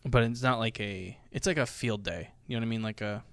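A man's voice: lowish voice, brisk, clear, resonant tone, dry recording. Rambling, laid-back male podcast host. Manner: rambling, laughs often, swears casually. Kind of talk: casual chat.

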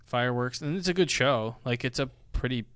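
A man's voice: mid-range voice, fairly quick, a bit bright, clean tone, no room sound. Rambling, laid-back male podcast host. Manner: rambling, laughs often, swears casually. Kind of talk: casual chat.

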